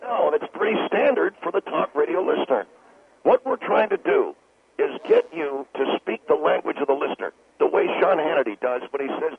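A brash, mocking man trades barbs on talk radio. His voice is a bit high, gravelly and husky. The sound is narrow and phone-like. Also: lively intonation, normal speed. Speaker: in-studio guest. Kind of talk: combative talk radio banter.

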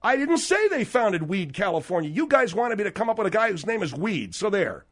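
A man's voice: sits high, big pitch swings, a little fast, a bit bright. Exasperated rambling radio host, man. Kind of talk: comedy radio talk and storytelling.

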